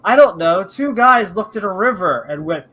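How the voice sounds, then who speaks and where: Jokey male panelist with a high voice, animated and loose. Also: normal speed. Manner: animated, jokey, full of uh fillers. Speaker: panelist on a skeptic discussion show. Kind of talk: casual debate chat.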